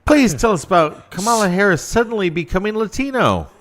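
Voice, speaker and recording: A man's voice: high-pitched, very animated, brisk. A man hosting a casual political talk radio show, brash and opinionated, with sarcastic asides.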